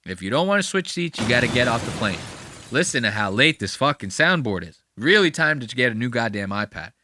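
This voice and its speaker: A man's voice: medium pitch, big pitch swings, brisk, sharp tone, no room sound. A man hosting a podcast, giving profane, mocking commentary on a clip in a casual way. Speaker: podcast host.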